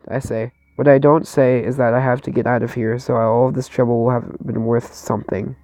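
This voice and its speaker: A man's voice: medium pitch, level tone, fairly quick, hardly any pauses, mellow, no echo, rough recording. A man narrating a story game aloud in first person, often stumbling and restarting words. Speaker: narrator and player.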